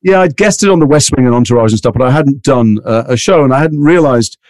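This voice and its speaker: An English man from Liverpool with a mixed British accent, an actor chatting in an interview in a rambling, animated way. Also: mid-range voice, no room sound, clean studio sound. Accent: mixed British, mild Liverpool and London traces. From England, Liverpool. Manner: fast, rambling, animated storytelling. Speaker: actor, guest. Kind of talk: casual interview chat.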